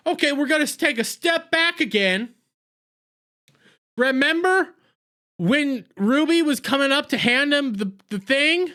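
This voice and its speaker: A man giving an exasperated, sarcastic review, retelling scenes with loud outbursts and put-on quotes. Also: very high voice, animated, a little slow, pauses often. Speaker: video reviewer. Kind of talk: ranting video review.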